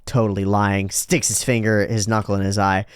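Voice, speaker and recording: A woman's voice: rumbling low, moderate pace, clear, resonant tone, no room sound, studio quality. A woman hosting an anime reaction, talking animatedly and reading dialogue aloud between her own asides. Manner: animated, swings between silly put-on voices and asides.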